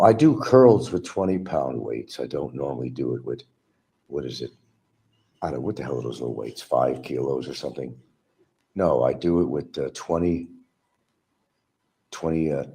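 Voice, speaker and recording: A man's voice: very deep voice, gravelly, dark tone. A man hosting a stream, giving a combative, mocking monologue aimed at absent rivals. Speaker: livestream host. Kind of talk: ranting monologue.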